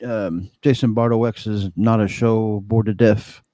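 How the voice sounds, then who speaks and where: A man's voice: fairly low pitch, fairly even intonation, a little slow, mellow, no echo. A man on a livestream casually listing the shows he will join, hesitant and easygoing. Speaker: guest podcaster. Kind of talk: casual chat, plugging shows.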